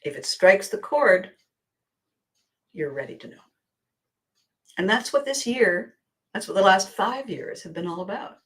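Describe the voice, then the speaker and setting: A woman hosting a podcast, telling stories in an animated way, acting out quoted voices and dropping to quiet asides. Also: mid-range voice, a little slow, pauses often. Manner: laughs often, drops to quiet asides. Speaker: podcast host and coach. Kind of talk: storytelling monologue.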